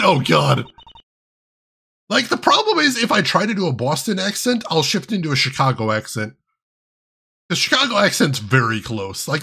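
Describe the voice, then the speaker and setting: A man's voice: medium pitch, pushed and bright, slightly rough. A man streaming a video game, chatting casually with his chat and laughing often. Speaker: gaming streamer. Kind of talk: casual gaming commentary.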